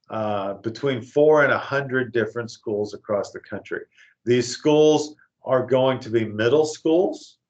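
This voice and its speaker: A man's voice: mid-range voice, muffled recording. A man giving an earnest warning talk, with frequent filler words and hesitations. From West Texas. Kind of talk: lecture-style talk.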